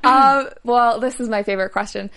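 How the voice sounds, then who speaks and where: A woman's voice: a little high, normal speed, fairly bright tone. A woman interviewing a guest in a casual, friendly way, asking light questions.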